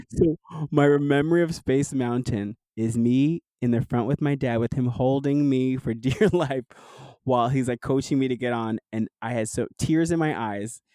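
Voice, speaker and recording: Man from New Jersey, podcast guest, lively rambling storyteller, laughs a lot, dry close sound. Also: medium pitch, no echo, rough recording. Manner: animated storyteller, laughs often, fillers like "like". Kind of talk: casual interview chat.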